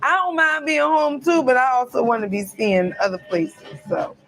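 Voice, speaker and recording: A woman's voice: high-pitched, moderate pace, a bit bright, faint music behind. A woman hosting a casual live stream from a cruise ship cabin, chatting loosely and talking straight to her viewers. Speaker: live-stream host reading viewer comments.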